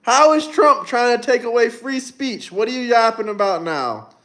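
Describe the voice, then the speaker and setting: Very high-pitched and fairly bright, this young man's voice is expressive and moves at a moderate pace. Hosting a casual stream, he bluntly responds to viewer comments with plenty of swearing and tangents.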